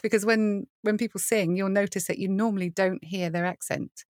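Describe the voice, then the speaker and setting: A woman's voice: medium pitch, moderate pace, dry recording, studio quality. A middle-aged British woman, a worship leader guesting on a podcast, telling stories with frequent laughter. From United Kingdom. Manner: animated storyteller, laughs often, acts out quoted voices. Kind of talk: conversational interview.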